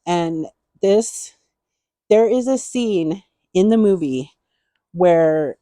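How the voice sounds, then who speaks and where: A woman's voice: lowish voice, expressive, drawn-out words, warm tone, no room sound. A middle-aged woman chatting casually through a beauty haul, rambling and repeating herself with enthusiasm.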